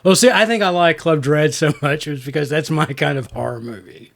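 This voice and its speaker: A man's voice: fairly high pitch, a little fast, creaky, a bit bright. A man, co-hosting a casual movie podcast, jokey and laughing often between sentences. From US Southeast. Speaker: podcast co-host. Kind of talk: casual movie-review chat.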